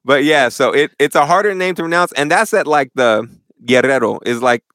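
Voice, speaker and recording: Young dude guest on a church podcast, super casual, bro-talk, dry close sound. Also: male voice, on the high side, a little fast, dry recording. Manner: animated, slangy, says "bro" a lot. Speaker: church member interview guest. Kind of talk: casual chat.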